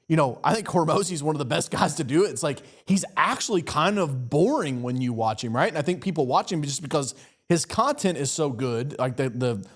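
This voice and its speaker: A man hosting a podcast as a business coach, chatty and agreeable, often laughing and mimicking voices. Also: on the high side. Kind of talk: casual podcast conversation.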